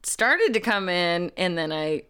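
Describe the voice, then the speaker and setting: A woman co-hosting a podcast, teasing her sister and telling stories in casual chat with animated interjections. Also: fairly low pitch, unhurried, clean tone. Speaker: podcast co-host. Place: sitting on pillows on a bench.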